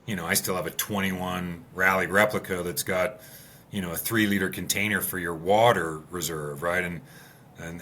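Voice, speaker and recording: A deep-voiced man recounts desert rally stories in a relaxed, meandering way, leaning on "you know" and "right". His tone is bright and forceful. A faint noise sits under the voice. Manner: relaxed storyteller, many fillers like "you know". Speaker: former rally racer and guest. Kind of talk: casual conversation.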